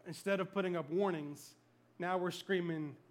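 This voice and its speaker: A middle-aged man preaching a sermon to a church congregation, telling stories in an animated, comic way. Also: sits high, normal speed. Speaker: pastor. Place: church service before a congregation.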